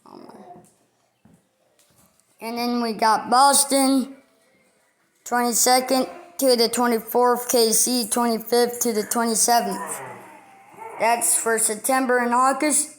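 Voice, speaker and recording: Woman, casual sports rundown, slow delivery, halting list reading, somewhat high voice. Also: fairly even intonation. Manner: halting, reads off a list item by item. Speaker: sports video host.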